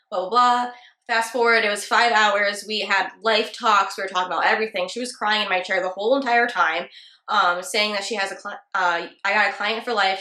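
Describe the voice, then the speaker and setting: This young woman, a hairstylist who runs her own channel, has a sharp, medium-pitched voice with lots of reverb. Her storytime is casual and chatty, peppered with "like" and other fillers.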